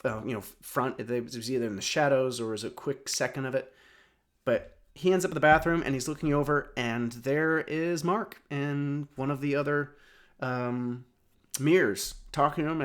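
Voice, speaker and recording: A man's voice: mid-range voice, a bit bright. Rambling man recapping a TV episode. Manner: rambling, many fillers and restarts, chuckles often. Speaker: film and TV reviewer. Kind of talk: casual spoken episode recap.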